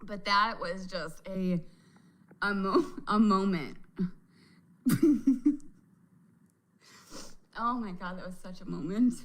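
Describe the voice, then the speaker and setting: A woman's voice: medium pitch, measured pace, a bit bright, rough recording. A woman hosting a casual reaction chat, a mother who laughs a lot and exclaims often as she talks. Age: adult mother. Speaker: reaction video host.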